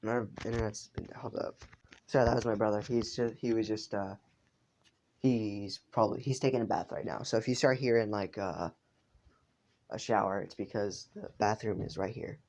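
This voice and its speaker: Gravelly, rambling male storyteller. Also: on the low side, normal speed, darkish tone. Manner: rambling, profane, breaks off for asides. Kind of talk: casual improvised storytelling.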